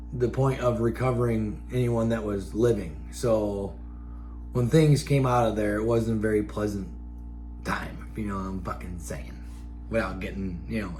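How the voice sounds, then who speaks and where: A man hosting a show, delivering a profane, angry rant that keeps flaring into shouts. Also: lowish voice. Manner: angry, swears constantly, flares into shouts. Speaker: show host. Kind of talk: profane ranting monologue.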